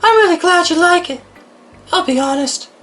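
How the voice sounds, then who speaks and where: A man voicing a shy, formal teenage girl bookworm in a high, breathy put-on voice, speaking gently and thoughtfully. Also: animated, moderate pace, soft background music. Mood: flustered, shy. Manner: gentle, thoughtful, a little hesitant.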